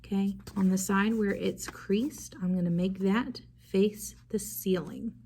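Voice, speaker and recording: A young woman music teacher giving a video lesson to young children, slow and encouraging, prompting them to repeat after her. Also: mid-range voice, fairly even intonation, warm tone, slight background noise.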